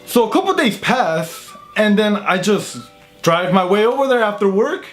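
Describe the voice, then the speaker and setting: A man with a high voice tells a comic personal story straight to his viewers. He is casual, animated and pokes fun at himself. Quiet music plays softly underneath. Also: moderate pace. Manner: animated, self-mocking storytelling. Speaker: YouTube channel host.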